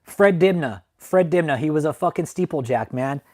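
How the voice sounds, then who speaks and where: A man's voice: on the high side, expressive, normal speed, a little mellow. A young man hosting a casual livestream, rambling and emotional, swearing heavily and ending his sentences with "man". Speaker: channel host. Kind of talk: casual livestream talk to viewers.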